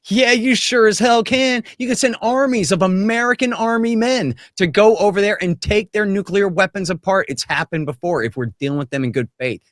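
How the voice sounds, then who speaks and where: A man's voice: sits high, a little fast, hardly any pauses, no echo, clean studio sound. A man giving blunt, emphatic, opinionated political commentary as an interview guest.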